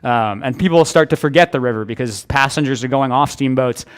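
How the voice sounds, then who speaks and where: A man gives a lunchtime history lecture in a relaxed, conversational way. His voice sits at an ordinary middle pitch, and he often restarts phrases as he thinks aloud. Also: brisk, smooth. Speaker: author giving a history lecture. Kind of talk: public history talk.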